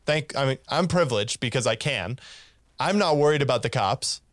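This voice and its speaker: Man, mid pitch, casual storyteller who acts out quotes, dry close sound. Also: moderate pace, dry recording. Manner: animated, laughs while telling, acts out quoted lines.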